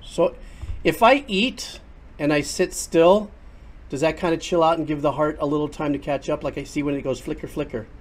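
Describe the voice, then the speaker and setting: An older man giving chatty, excitable live commentary while playing a game, talking into a headset. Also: a little high, moderate pace. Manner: chatty, excitable, exclaims often. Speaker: streamer and composer. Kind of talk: casual livestream commentary.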